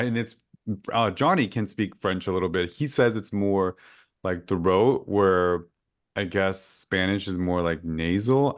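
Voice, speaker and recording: A male podcast host talking in a casual, effusive interview chat, full of fillers. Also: sits low. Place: current home in Orlando.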